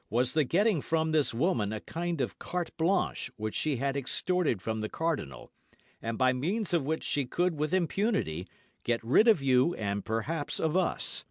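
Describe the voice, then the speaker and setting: An unflappable aristocratic swordsman speaks in a calm, stately way with dry irony, as a male narrator puts him on. His delivery moves through a lively range of pitch. The recording is close and dry, as in a storybook reading. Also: dry recording, close to an everyday voice.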